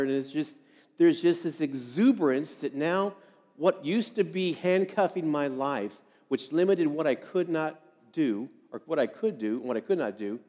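Male pastor, fairly high voice, conversational sermon with repeated phrases, long hall echo. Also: normal speed, warm tone.

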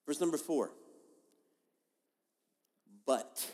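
A man as a pastor giving a sermon in a church, preaching in a conversational but emphatic way and swinging between loud and soft. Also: on the high side, very slow. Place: church sanctuary. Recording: long reverb of a large hall.

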